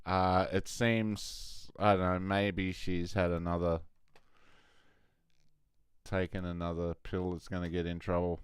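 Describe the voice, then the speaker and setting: Male podcast host, low and unhurried, clean dry close-mic sound, swears casually. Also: flat delivery, clean tone, dry recording. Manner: laid-back, chuckling, swears freely. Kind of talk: casual commentary on video clips.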